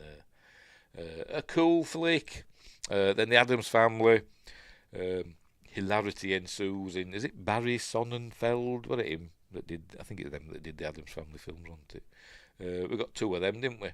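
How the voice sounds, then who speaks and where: A podcast host from Yorkshire, England, an older man, rambles in casual chat, laughing often and trailing off while he looks things up. His voice is low, with studio quality and no room sound.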